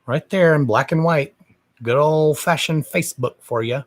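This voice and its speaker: Man, live-stream host, casual chat, sassy, gossipy, cussing, mid-range pitch. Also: normal speed. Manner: sassy, gossipy venting with cussing, calls viewers darling. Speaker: psychic medium hosting a live stream.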